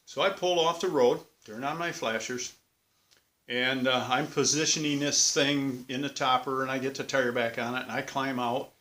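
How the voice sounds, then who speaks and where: A man's voice: mid-range voice, steady tone, normal speed, bright, forceful tone. A man hosting his own vlog, telling a story in a casual, plain-spoken, chatty way. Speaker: vlog host. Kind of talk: folksy storytelling.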